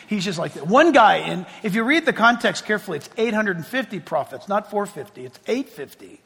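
Give me a male pastor preaching with a conversational, joking manner, dropping to a hush and rising again, with long hall reverb. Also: high-pitched, sing-song, fairly quick, gravelly, breathy edge. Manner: conversational, joking, swings between loud and hushed. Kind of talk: sermon. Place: church sanctuary.

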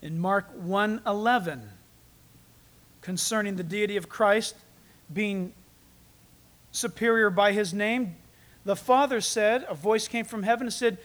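High-voiced man preaching a sermon. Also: measured pace, pauses often. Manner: preaching with sudden loud peaks and quiet asides. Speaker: pastor.

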